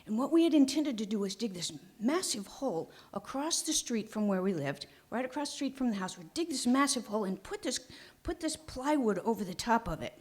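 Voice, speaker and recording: A woman telling a childhood story on a small theater stage, animated, with dramatic pauses and hushed asides. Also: a little high, breathy edge. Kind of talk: live storytelling performance.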